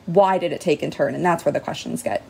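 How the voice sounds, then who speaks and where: A woman guest on a podcast, giving her legal view. Her voice sits a little low, and she explains things in a calm, measured way. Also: vocal fry, slight background noise. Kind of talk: podcast discussion.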